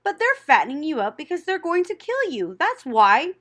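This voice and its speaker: Blunt gossipy old ewe played by a woman, snappish, lively storybook voice. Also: sits high, normal speed, voice pushed up. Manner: matter-of-fact, snappish.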